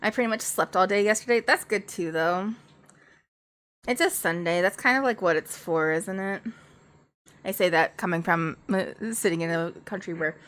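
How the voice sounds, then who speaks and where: A woman's voice: fairly low pitch, normal speed, a bit bright. A young woman streamer chatting casually from home into a desk mic, rambling and laughing easily. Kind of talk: casual chat.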